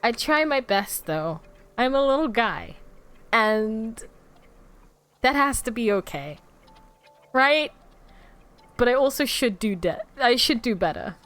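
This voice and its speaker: A young woman chatting on a live stream with a high, bright-sitting voice that swoops all over the place. She talks in an animated, self-deprecating way and keeps laughing at herself between thoughts. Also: slow, long pauses. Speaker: VTuber streamer. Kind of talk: casual stream chat.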